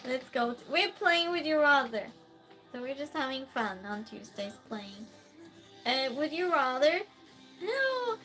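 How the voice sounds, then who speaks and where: A woman's voice: sits high, a little slow, soft background music. A woman with a Swedish accent, casually chatting with her stream and reading viewer comments aloud. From Sweden. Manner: relaxed, reads chat aloud, soft giggles.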